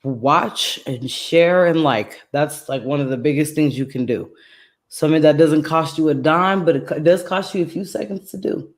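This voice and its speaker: A woman podcaster speaking as a guest in a calm, serene, soothing voice, soft-spoken with many fillers. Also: low voice, moderate pace. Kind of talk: casual interview chat.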